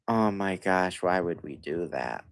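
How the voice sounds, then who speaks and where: A hoarse young man ranting as a sports livestream host, stammering and sighing, swinging between muttered complaints and loud outbursts. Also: deep voice, expressive, a little slow. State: hoarse from yelling. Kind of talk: frustrated fan rant on a livestream.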